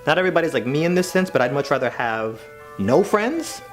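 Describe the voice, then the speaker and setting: A man's voice: a little high, fairly quick, faint music behind. A man telling a comedic story as a YouTuber, acting out the voices of the people he quotes. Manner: animated, acts out quoted voices.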